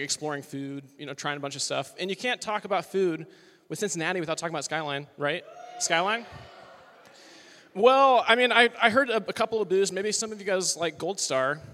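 A man's voice: high-pitched, a bit bright. A man in his twenties, a worship leader preaching a casual, joking sermon to college students, chatty and upbeat with lots of "like" and "you know.". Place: large worship hall with live audience. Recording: long hall reverb.

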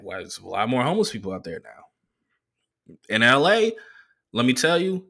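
A man hosts a solo podcast and tells casual stories, cursing freely and staying animated throughout. His voice is bright, and his pitch swings widely from phrase to phrase. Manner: profane, animated, does voices. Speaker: podcast host.

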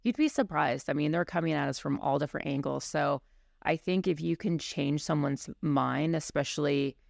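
Gravelly, blunt woman on a podcast. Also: low-pitched, moderate pace, a little mellow, no room sound, studio quality. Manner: candid and blunt, many fillers like "you know". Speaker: podcast co-host and firearms instructor. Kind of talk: casual podcast chat.

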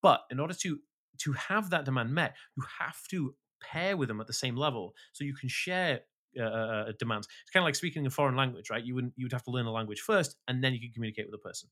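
A man talking as a podcast guest, animated and emphatic, swearing freely. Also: medium pitch, fast. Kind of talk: casual interview talk.

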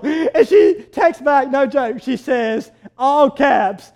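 A man, a pastor telling a story in his sermon, animated and swinging between loud outbursts and quiet asides. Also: very high voice, takes it slowly, hardly any pauses.

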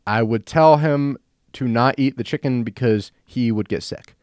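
A man quoting his cousin as a calm young man answering reasonably. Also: mid-range voice, moderate pace, dry recording, clean studio sound, close to an everyday voice. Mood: calm reasonable. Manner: level, reasonable.

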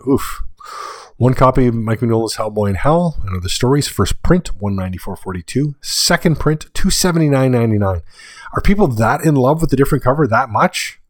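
A man's voice: medium pitch, no echo. Casual man reading out price lists. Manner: casual, reads through price lists with offhand asides. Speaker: podcast host. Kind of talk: solo podcast monologue.

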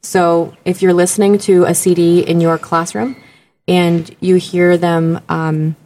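Casting note: playful, animated woman, slightly low voice, chatting as a podcast guest. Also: unhurried. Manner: animated, playful, laughs often, slips into imitated voices. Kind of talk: casual podcast chat.

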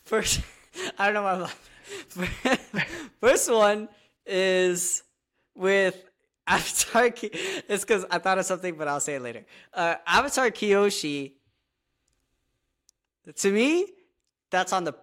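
A podcast co-host in casual chat, talking in an animated way with plenty of "like". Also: medium pitch. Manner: chatty and animated, many fillers of "like".

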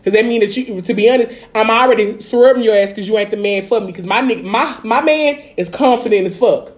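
A woman's voice: a little high, fairly quick. A woman with a Dallas accent venting in a casual chat, blunt and profane with lots of filler phrases. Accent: Dallas, Texas.

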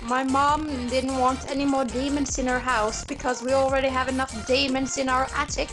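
A young woman hosting a podcast, talking fast in crude, joking casual chat. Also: sits high, level tone. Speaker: podcast host. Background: music.

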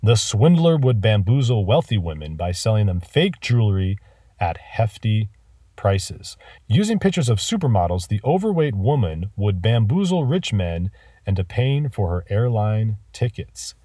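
A man teaching a vocabulary lesson, enthusiastic about words and spelling them out slowly. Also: lowish voice, big pitch swings, warm tone, breathy edge, dry recording, studio quality, recorded from a distance.

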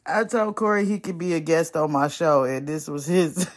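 Low-voiced woman chatting with amusement. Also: moderate pace. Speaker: podcast host. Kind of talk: casual podcast narration.

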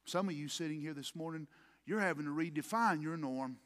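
A man preaching a sermon as pastor, swinging from quiet murmurs to loud impassioned peaks. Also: a little high, a little fast. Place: church sanctuary.

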